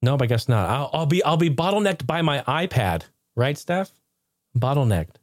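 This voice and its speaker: A man's voice: mid-range voice, moderate pace, no room sound, clean studio sound. A man hosting his own podcast, chatting casually and telling stories with frequent laughs. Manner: animated storyteller, laughs often. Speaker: podcast host.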